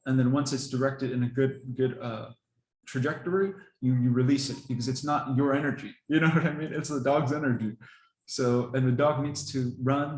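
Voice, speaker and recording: A man casually explaining how he trains his dogs, relaxed and rambling, laughing often. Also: mid-range voice, echoey room, rough recording. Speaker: dog owner explaining training. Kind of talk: casual talk to camera.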